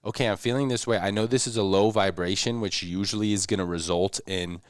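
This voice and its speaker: A man co-hosting a podcast in casual chat, laughing easily and getting animated when telling stories. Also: lowish voice, brisk, no room sound, clean studio sound. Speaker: podcast co-host.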